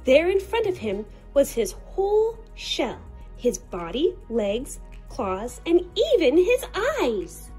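Expressive woman reading a picture book. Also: high-pitched, faint music behind. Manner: expressive and slow-paced. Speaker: storyteller.

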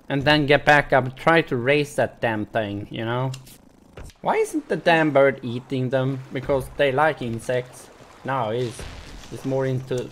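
A gaming channel host does let's play commentary, swearing a lot, yelping and shrieking in panic, and stuttering as he addresses viewers. His voice is mid-range, with a little hiss or hum on the recording.

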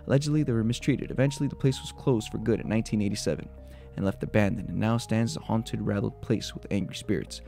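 Guy rattling off creepy urban legends quick, gravelly dark voice, faint music underneath. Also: on the low side. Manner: quick, mixes spooky retelling with joking asides. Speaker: video host. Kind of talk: reading urban legends and reacting. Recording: soft music behind the voice.

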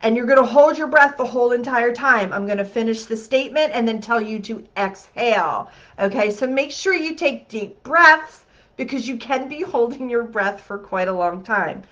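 A woman's voice: on the high side, lively intonation, normal speed, a bit bright, lo-fi sound. Upbeat woman leading a group healing exercise. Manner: upbeat and chatty, often checking in with "okay?". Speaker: host of a healing masterclass.

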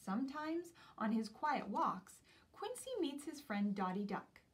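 Slow, expressive woman reading to kids. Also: fairly high pitch, distant mic. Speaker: preschool teacher. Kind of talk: children's story reading.

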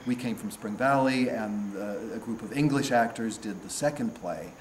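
A man from California with an American accent, recounting his path into stage acting in an unhurried, reflective way, often restarting and trailing off. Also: lowish voice. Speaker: stage actor being interviewed. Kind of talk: reflective storytelling interview. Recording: roomy echo, faint background noise.

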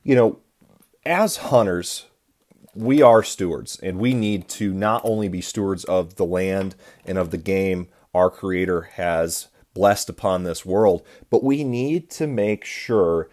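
A man with a low voice hosts a solo podcast monologue. He talks in an earnest, sermon-like way and often restarts his phrases. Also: slow pace, a little mellow. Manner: earnest, preachy, repeats and restarts words. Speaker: podcast host.

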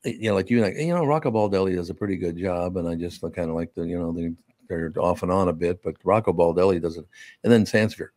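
Older male host, low register, close dry mic; casual storyteller who jumps into loud impressions. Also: fast, no echo. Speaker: radio host. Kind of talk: casual sports chat.

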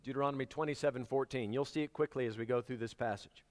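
A man's voice: medium pitch, fairly even intonation, fast, darkish tone. A man preaching a sermon to his congregation, talking in a conversational, joking way. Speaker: pastor. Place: church sanctuary. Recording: church hall reverb.

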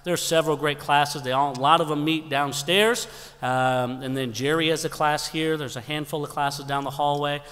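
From the pulpit of a church sanctuary, a youth pastor who is also assistant pastor shares a folksy joking story and reads church announcements. He speaks at a moderate pace in a slightly high, steady, fairly bright voice, with long church hall reverb around him.

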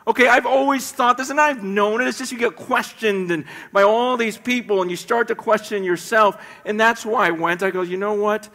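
A middle-aged man from the United States preaching a sermon, telling stories in an animated way and repeating words as he goes. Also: high voice, normal speed, few pauses. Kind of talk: sermon storytelling. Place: church sanctuary. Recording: echoey church hall.

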